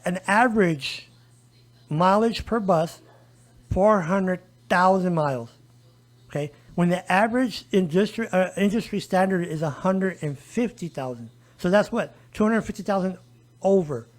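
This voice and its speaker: A man speaking as a guest advocate in a conversational podcast interview, emphatic and often turning to listeners with "folks" and "okay?". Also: high voice. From El Paso area, US.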